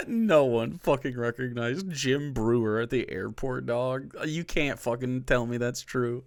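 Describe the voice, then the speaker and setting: A man livestreams his reaction to a clip, sarcastic and profane, laughing at what he watches. His voice sits at an ordinary middle pitch. The sound is dry and close, with no room around it. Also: measured pace, fairly bright tone, dry recording. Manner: mocking, sarcastic, laughs often. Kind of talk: profane live-stream reaction commentary.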